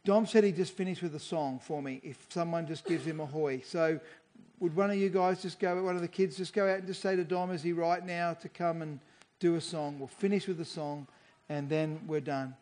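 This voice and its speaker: A man's voice: on the high side, fairly even intonation, normal speed, darkish tone. A man preaching as a guest speaker, talking earnestly and conversationally and reading scripture aloud. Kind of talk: sermon.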